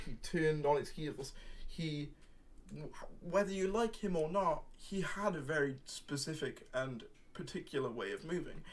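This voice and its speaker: A man hosting a livestream from his room, giving his frank opinions in a rambling way, often hedging his words. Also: medium pitch. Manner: frank, meandering, hedges with "I guess" and "sort of". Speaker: YouTube livestream host. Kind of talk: opinionated casual monologue. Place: home room.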